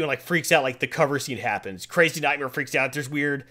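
A man's voice: mid-range voice, brisk, pushed and bright. A man hosting a casual chat, retelling a comic plot and acting out the quotes as he goes. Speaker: podcast host.

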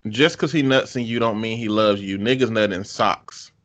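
Casual co-host: bright, forceful man, relaxed and profane, reads posts aloud deadpan. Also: lowish voice, normal speed. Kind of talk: casual chat.

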